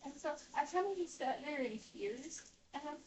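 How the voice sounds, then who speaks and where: Woman, high voice, casual rambling story, lots of restarts, heard from a distance in a home kitchen. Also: animated, normal speed, a little mellow, slight background noise. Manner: rambling with many restarts and fillers. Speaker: vlogger. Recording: voice distant from the mic.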